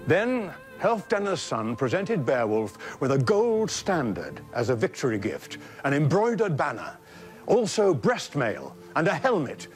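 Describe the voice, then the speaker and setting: A man narrating epic verse with highly expressive, sweeping intonation.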